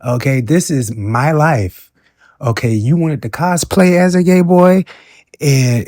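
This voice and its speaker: A man in his forties giving sassy, animated commentary as a vlogger, keeps calling the listener baby and asking okay?. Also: on the high side, measured pace, no echo, clean studio sound. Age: 40s. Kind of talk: commentary vlog.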